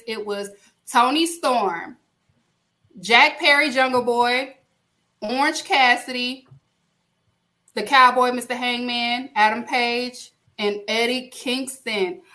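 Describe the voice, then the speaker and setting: A woman hosting a casual podcast award show, announcing winners with playful, drawn-out emphasis. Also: a little high, steady tone, sharp tone. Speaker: podcast host.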